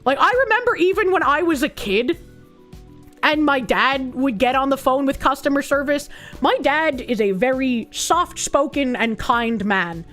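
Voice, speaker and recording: A woman's voice: high-pitched, lively intonation, unhurried, fairly bright tone, faint music behind. A young woman streamer chatting casually with her viewers in a blunt, sarcastic way, with a lot of swearing. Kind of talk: casual chat reacting to chat messages.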